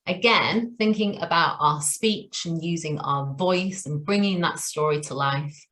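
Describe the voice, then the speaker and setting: A woman's voice: low-pitched, bright, forceful tone. A woman co-hosting a teacher training webinar, chatty and enthusiastic, laughing often. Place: online webinar.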